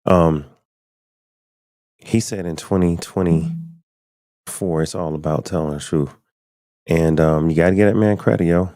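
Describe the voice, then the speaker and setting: A man's voice: sits low, fairly even intonation, measured pace, long pauses, warm tone, no room sound, studio quality. A man hosting a live podcast stream, chatting loosely and speaking straight to his viewers. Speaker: podcast host. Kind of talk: casual live-stream commentary.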